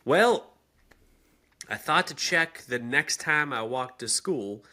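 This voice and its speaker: A man reading aloud a grown woman's spooky childhood story, dramatic and swinging in pitch and pace. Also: animated, takes it slowly, pushed and bright.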